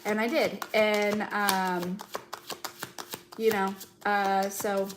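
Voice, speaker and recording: A woman's voice: mid-range voice, flat delivery, drawn-out words, noisy background. A young adult woman, a tarot reader, chatting casually to viewers on a live stream, with lots of fillers, giggles and casual swearing. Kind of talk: casual spiritual live chat.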